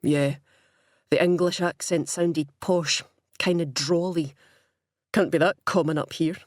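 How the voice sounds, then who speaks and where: A woman's voice: fairly low pitch, fairly even intonation, unhurried, no room sound, clean studio sound, lightly acted. A woman voicing a deferential male junior detective who reports to his boss in a casual way. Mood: reporting. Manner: informal, deferential.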